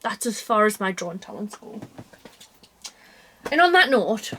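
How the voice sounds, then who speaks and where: A woman's voice: mid-range voice, very animated, unhurried, sharp tone, a little hiss or hum. A British woman vlogging from her bedroom, rambling cheerfully about her cross stitch with plenty of self-mocking asides. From United Kingdom. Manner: rambling, chatty and self-deprecating, with frequent asides. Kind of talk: casual chat to camera.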